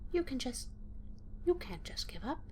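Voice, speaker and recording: A woman voicing an eerie little ghost girl who speaks in a soft, half-whispered, coaxing way while reading a horror game aloud. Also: sits high, sing-song, moderate pace, a little hiss or hum, voice pushed up. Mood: eerie soothing.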